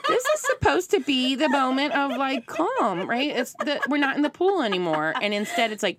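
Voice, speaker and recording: A woman's voice: sits high, moderate pace, few pauses, noisy background. A woman in her thirties telling a story in casual chat, acting out the voices of the people in it. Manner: animated storyteller, acts out voices of others.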